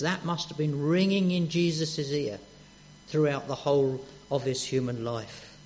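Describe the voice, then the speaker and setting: A man preaching a sermon, gentle and earnest, dropping soft on quoted words. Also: on the high side, measured pace. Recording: dull lo-fi church recording.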